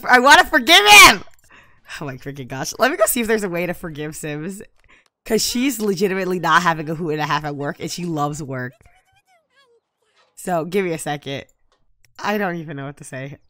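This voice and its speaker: A young woman chats through her gameplay in a bright, forceful voice that sits a little low for a woman. She sounds exasperated and now and then breaks into loud outbursts. The sound is dry and close to the mic. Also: no room sound. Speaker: gaming YouTuber. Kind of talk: casual gameplay commentary.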